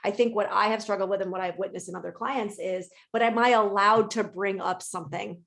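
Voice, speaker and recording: A woman co-hosting a podcast in casual chat. She is candid and swears freely. She gets animated when she makes a point. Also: medium pitch, brisk, vocal fry. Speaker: podcast co-host and therapist.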